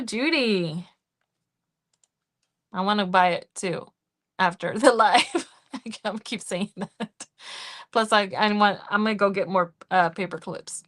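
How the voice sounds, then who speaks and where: A middle-aged woman talks to her live viewers from home in a loose, easygoing way. She takes her time, letting each phrase come out at a leisurely pace. Her pitch sits right in the middle, and she chats warmly while tallying up cash. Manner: chatty and easygoing, counts cash aloud. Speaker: budgeting livestream host. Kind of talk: casual live-stream chat.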